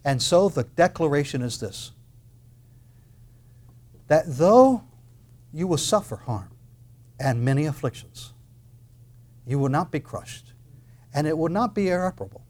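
A man preaching an expository sermon, reading and explaining scripture with rhetorical questions, moving between loud proclamation and quiet intensity. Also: on the high side, animated, a little slow, pauses often.

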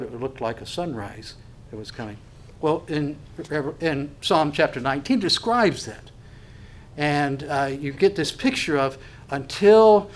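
A middle-aged man delivers a sermon in a slightly high voice. He works through the text steadily, then slows to stress key phrases and lifts sharply in pitch and volume to drive a point home. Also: a bit bright. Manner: expository preaching with sudden emphatic rises and slow stressed phrases. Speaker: pastor.

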